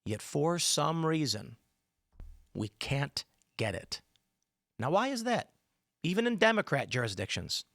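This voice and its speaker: A man's voice: a little high, sing-song, a little slow, long pauses, fairly bright tone, no room sound, studio quality. A man in his thirties hosting a solo political commentary show, talking emphatically with rambling, sarcastic asides.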